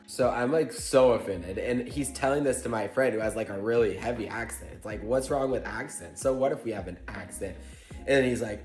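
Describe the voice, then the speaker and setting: A man from Tennessee telling a storytime vlog in a chatty, animated way, with lots of "like". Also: lowish voice, moderate pace. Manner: chatty, animated, heavy use of "like". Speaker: vlogger. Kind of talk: casual storytime chat. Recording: roomy echo with faint music.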